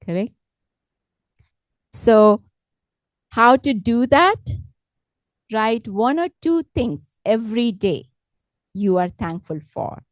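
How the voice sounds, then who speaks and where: A woman leading a talk on positive thinking, speaking patiently and gently, often checking in with her listeners. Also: fairly high pitch, lively intonation, no echo. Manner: slow, patient, repeats words and asks "correct?"; gentle, encouraging. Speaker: meditation instructor.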